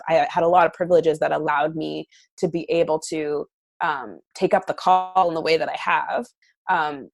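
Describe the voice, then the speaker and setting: Blunt interview guest, woman from Canada, low voice, emphatic and profane. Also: gravelly, dry recording. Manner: blunt, emphatic, swears freely. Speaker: podcast guest. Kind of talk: candid conversational interview.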